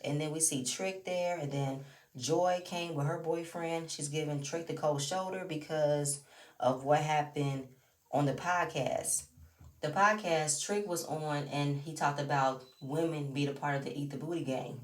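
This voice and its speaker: A woman's voice: sits low, darkish tone, far from the mic. A woman recapping a reality show in a chatty, opinionated way, talking straight to the viewer. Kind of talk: casual recap commentary. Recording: roomy echo, away from the mic.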